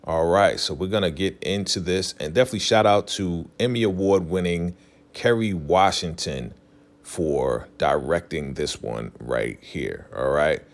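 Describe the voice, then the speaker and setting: A man's voice: low-pitched, measured pace. A man giving a casual episode recap, retelling loosely with lots of fillers like "definitely" and "you know.". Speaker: TV recap vlogger.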